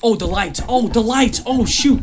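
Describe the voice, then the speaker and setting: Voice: medium pitch, moderate pace, a little hiss or hum. A gamer giving let's-play commentary on a horror game, jumpy and easily startled, with nervous laughs and sudden exclamations.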